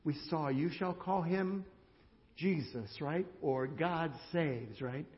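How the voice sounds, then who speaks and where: An older man preaching a sermon in a church, emotional, swinging between loud emphasis and hushed, near-whispered lines. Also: a little high, takes it slowly. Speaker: pastor. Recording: dull hall recording with reverb.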